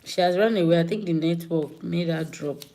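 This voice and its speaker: A woman's voice: on the low side, normal speed, gravelly, dark tone, a little hiss or hum. A woman hosting a casual livestream, chatting with viewers and greeting them by name. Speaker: livestream host.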